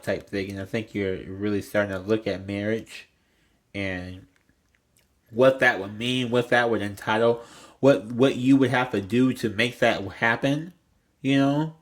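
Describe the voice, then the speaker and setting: A man's voice: on the low side, steady tone, unhurried. A young man giving a casual tarot reading, rambling and blunt, swearing freely and filling his talk with "like". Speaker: tarot reader.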